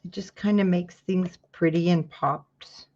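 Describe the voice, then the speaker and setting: A woman's voice: lowish voice, fairly even intonation, measured pace, a little mellow, muffled recording. A woman hosting a casual craft tutorial, talking viewers through measuring and cutting while greeting them by name. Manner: chatty, greets viewers by name mid-task.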